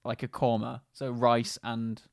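A man's voice: mid-range voice, completely flat delivery, measured pace, gravelly, a little mellow, no echo, studio quality. A young man, co-hosting a casual podcast chat and telling a story between bursts of laughter, swearing freely. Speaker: podcast co-host. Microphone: close podcast mic.

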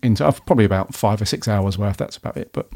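A man's voice: lowish voice, quick pace, vocal fry, warm tone. A man hosting a casual podcast, chatty, jokey and easygoing. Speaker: podcast host.

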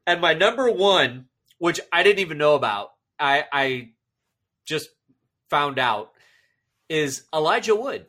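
Male podcast co-host, excitable, bright and animated delivery. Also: measured pace, pauses often. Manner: excitable, jumps to high squeals of surprise. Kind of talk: casual chat.

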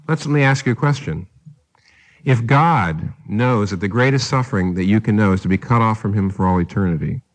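A man's voice: on the low side, a little mellow. A middle-aged male pastor delivering a sermon, pressing home his points with emphatic rhetorical questions.

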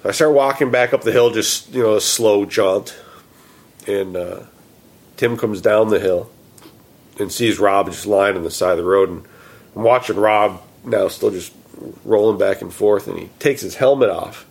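Husky guy telling a story, animated, doing his buddies' lines. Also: fairly low pitch, moderate pace. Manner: animated, quotes himself and friends, laughs through the story. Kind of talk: casual chat, telling a story.

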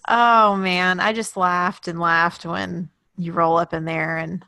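A woman's voice: on the low side, steady tone, slow pace, vocal fry, sharp tone, dry recording. A woman co-hosting a podcast, easygoing and curious in casual chat. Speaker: podcast co-host.

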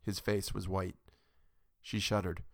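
A man narrating a short story in a steady, measured reading. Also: deep voice, gravelly, no echo, studio quality.

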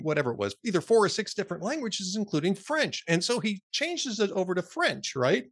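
A middle-aged man co-hosts a podcast and chats his way through a story. His voice sits a bit high and moves a lot, and he laughs easily. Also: very animated, fairly quick, husky, no room sound, clean studio sound. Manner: chatty storytelling, laughs often. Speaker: podcast co-host. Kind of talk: casual chat.

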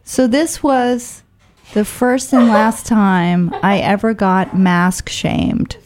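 A middle-aged woman from Oakland telling a personal story in a wry, blunt, animated way. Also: medium pitch, slow pace, slight background noise. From Oakland, California.

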